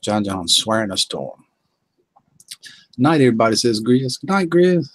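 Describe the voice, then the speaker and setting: A man's voice: medium pitch, sing-song, moderate pace, no room sound, poor audio. A man from North Carolina with a Southern accent, hosting a casual live-stream chat in a folksy, drawling way and reading viewers' comments aloud.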